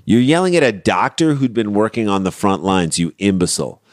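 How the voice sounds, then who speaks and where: A man's voice: fairly low pitch, sing-song, fairly quick, slight background noise. A man co-hosting a casual comedy podcast, reading out a news story and riffing on it sarcastically. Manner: sarcastic, riffs on the story, reads out quotes.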